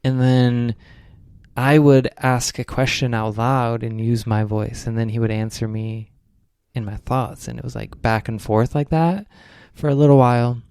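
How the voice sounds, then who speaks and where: A man's voice: mid-range voice, fairly even intonation, measured pace, a little mellow, smooth, no room sound, studio quality. A young man, a podcast co-host, telling a rambling spiritual story in casual chat, full of "like"s.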